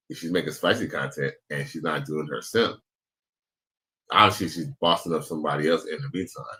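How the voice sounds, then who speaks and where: A man's voice: extremely low pitch, sharp tone. A man hosting a reaction video, talking in a laid-back, slangy way. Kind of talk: casual reaction commentary.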